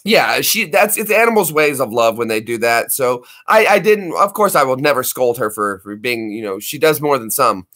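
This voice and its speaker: A man's voice: mid-range voice, normal speed, few pauses. A man hosting a casual livestream, rambling and chatty. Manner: rambling, animated, does voices for pets. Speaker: livestream host. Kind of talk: casual chat.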